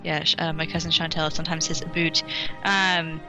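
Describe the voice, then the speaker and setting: A woman's voice: sits low, level tone, fairly quick, over music. A woman co-commentating a game stream in casual chat, rambling with lots of fillers and restarts.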